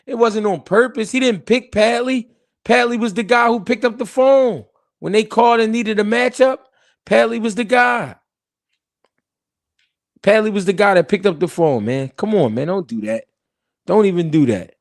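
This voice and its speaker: A man's voice: high-pitched, moderate pace, no room sound, clean studio sound. A man hosting a live-stream boxing talk show, arguing heatedly and talking to his chat. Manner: heated, animated, talks to chat. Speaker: host.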